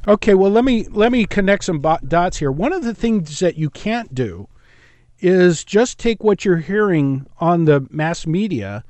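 A man's voice: sits high, animated, measured pace, darkish tone, no echo. A man from East Los Angeles hosting a call-in talk radio show, rambling and jumping between topics.

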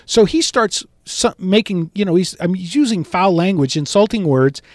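A middle-aged man preaching, telling a story in an animated way and shouting out the quoted lines. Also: sits high, moderate pace, no echo, studio quality. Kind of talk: storytelling sermon.

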